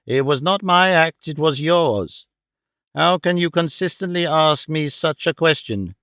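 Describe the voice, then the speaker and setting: A man's voice: on the high side, lively intonation, fairly bright tone, clean tone, no echo, clean studio sound. A man reading as a stern, cold older mother. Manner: severe, measured, reproachful. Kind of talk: audiobook character voice.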